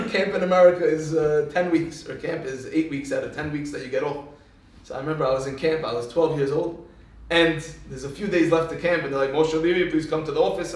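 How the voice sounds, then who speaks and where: A man with a high voice gives a religious talk, telling funny stories and acting out each line of dialogue. He sounds distant from the mic, in a strongly echoing room. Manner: jokey storyteller acting out dialogue. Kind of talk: storytelling Torah talk. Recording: echoey room, voice from far off.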